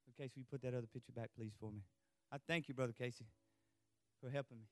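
A man preaching a fervent revival sermon, repeating refrains and letting out whooping shouts. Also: medium pitch, fairly even intonation, fast talker, no echo. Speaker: pastor.

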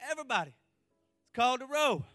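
A man preaching a fervent revival sermon, repeating refrains and letting out whooping shouts. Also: very high-pitched, very animated, brisk, no room sound, faint music behind. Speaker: pastor.

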